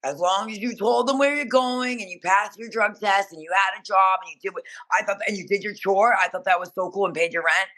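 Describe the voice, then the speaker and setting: A woman, a podcast guest telling stories in an animated, profane, rapid-fire way. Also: medium pitch. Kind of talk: casual storytelling interview.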